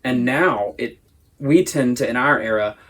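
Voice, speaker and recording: Man, mid-pitched voice, Sunday school teacher, thoughtful, casual discussion. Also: a little slow, fairly bright tone. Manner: thoughtful, explaining at length.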